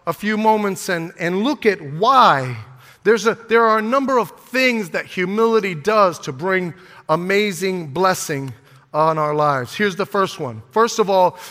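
A man's voice: high voice, a bit bright. An older man, a pastor, preaching a fervent sermon after an opening prayer, repeating words and calling on the congregation to answer. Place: church sanctuary. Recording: long reverb of a hall.

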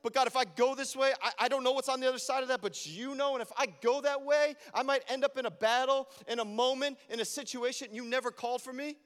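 A man preaching a sermon as a pastor, animated and acting out his own prayers to God. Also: very high voice, quick pace, hardly any pauses, clear, resonant tone. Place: church. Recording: long reverb of a church hall.

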